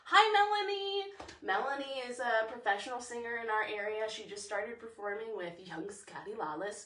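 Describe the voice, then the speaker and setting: A woman, teaching a livestreamed singing warm-up from home in a chatty, encouraging way that sometimes drops to breathy whispers. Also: a little high, lively intonation, moderate pace, echoey room, distant mic. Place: home, over a slow internet livestream.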